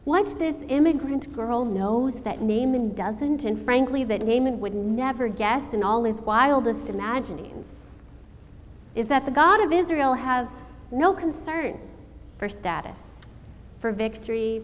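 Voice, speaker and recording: A woman preacher giving a sermon, telling the story in a slow, dramatic way with rhetorical questions. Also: a little high. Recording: long hall reverb, faint ambience.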